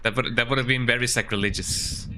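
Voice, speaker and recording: A man's voice: medium pitch, fairly even intonation, fast, bright, forceful tone, slight background noise. A man streaming a horror game, joking and chatting casually as he plays and often tagging his lines with "eh?". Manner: playful, jokey, keeps tagging lines with "eh?". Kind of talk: casual gameplay commentary.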